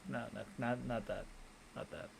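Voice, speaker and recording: A man's voice: medium pitch, fairly even intonation, moderate pace, creaky, slight background noise. A man co-hosting a casual chat show, laid-back and rambling with many fillers. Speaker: podcast co-host.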